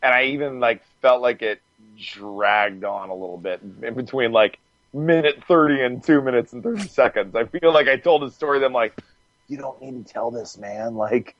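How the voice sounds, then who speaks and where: A man guest on a podcast, telling stories in a casual, animated way, swearing freely and laughing as he goes. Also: mid-range voice, moderate pace, dry recording, highs cut off. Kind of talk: casual storytelling.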